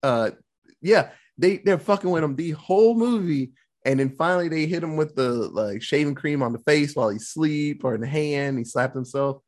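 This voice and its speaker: A podcast host giving a casual, profane movie review, telling scenes in an animated way. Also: medium pitch, normal speed.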